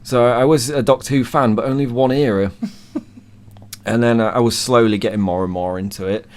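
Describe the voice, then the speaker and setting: A man in his thirties, hoarse from being ill, chatting casually and rambling enthusiastically as a co-host. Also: mid-range voice, fairly even intonation, brisk, darkish tone. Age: 30s. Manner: rambling, enthusiastic fan talk. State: hoarse from illness. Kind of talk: casual chat.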